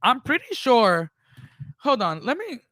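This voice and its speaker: A man co-hosting a podcast, wrapping up the episode in loose casual chat, laughing often and filling pauses with "um". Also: very high-pitched, sing-song, pushed and bright, no room sound, studio quality. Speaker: podcast co-host.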